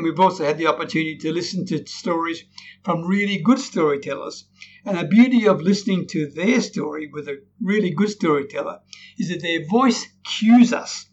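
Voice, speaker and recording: A man's voice: on the high side, normal speed, lo-fi sound, a little hiss or hum. Upbeat man coaching storytelling. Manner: demonstrates tones, frequent "right?" tag questions. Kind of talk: recorded lesson.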